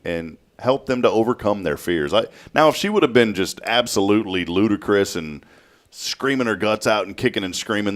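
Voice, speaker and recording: A man, hosting a morning talk show from a local studio. His low voice swings widely in pitch as he tells a story with animated energy, now and then acting out voices. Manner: animated storytelling, acts out a child's voice. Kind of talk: casual studio chat.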